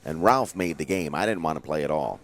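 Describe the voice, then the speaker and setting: Deep-voiced laid-back male co-commentator. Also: expressive, a little fast. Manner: laid-back storyteller, says "man" and "listen" a lot. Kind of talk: casual storytelling commentary.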